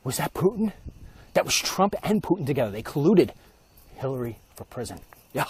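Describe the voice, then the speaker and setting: A man rambling through a jokey vlog as he walks, voice at an ordinary mid pitch. He drops into conspiratorial hushes and then bursts back up again. Faint noise sits under the recording. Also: very animated, a little fast, long pauses. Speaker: vlogger. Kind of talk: casual comic rant. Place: outdoors, walking.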